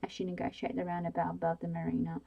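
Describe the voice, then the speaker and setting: A woman whispers a bedtime story in whispered role-play, low and breathy. Her voice has a gravelly edge and a dark, mellow tone. She reads slowly and evenly, with a few slips along the way. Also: completely flat delivery, lo-fi sound. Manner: slow, soothing reading with small slips.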